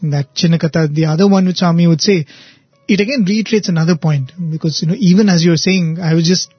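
A man, thinking aloud in a halting, thoughtful way as co-host of a spiritual discussion. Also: a little high, slightly rough, no room sound, highs cut off, soft background music. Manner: thoughtful, halting, self-correcting. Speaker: co-host of a spiritual talk show. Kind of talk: conversational discussion.

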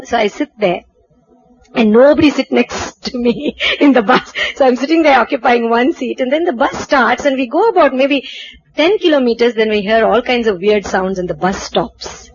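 A woman from India, telling a personal anecdote in a lively way, acting out dialogue and laughing at herself. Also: fairly high pitch, normal speed, highs cut off. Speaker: storyteller. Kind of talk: personal anecdote told to an audience.

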